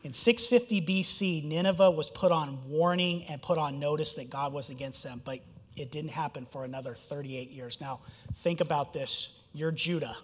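Preacher with conversational "right?" asides. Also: male voice, on the high side, moderate pace. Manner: conversational, frequent "right?" and "okay?" check-ins. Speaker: pastor. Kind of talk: sermon. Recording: dull sound with long reverb in a hall.

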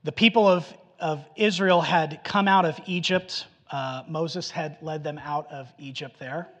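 Man preaching, high voice, animated storytelling, long hall reverb. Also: a little slow. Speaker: pastor. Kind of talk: sermon.

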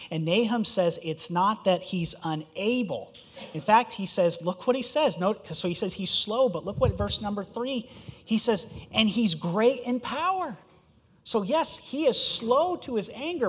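A man's voice: high voice, slightly rough, in a large hall, highs cut off. A man preaching a sermon as pastor in a conversational, emphatic style with rhetorical questions.

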